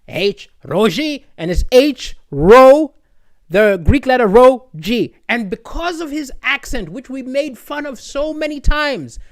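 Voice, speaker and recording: A man hosting a comedy live stream, telling stories and answering viewer comments in a chatty manner that rises to excited emphasis, talking into a streaming microphone. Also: very high-pitched. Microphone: streaming microphone with adjustable levels.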